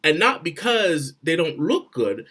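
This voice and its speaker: A man giving blunt, profane relationship advice straight to the camera, swinging between loud and quiet. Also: a little high, very animated, a little slow, breathy edge. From Florida. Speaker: vlogger.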